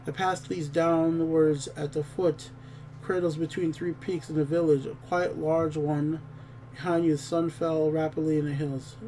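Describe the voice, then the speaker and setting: Man reading game text, stumbles and rereads, mellow tone, distant mic with faint hum. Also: fairly high pitch, level tone, unhurried. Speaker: let's play host.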